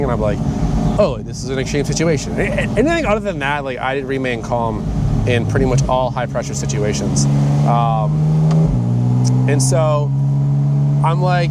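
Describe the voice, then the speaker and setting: A man casually telling a story about a car crash, rambling with lots of "like" and "I'm like". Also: a little high. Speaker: car channel host. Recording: loud outdoor noise.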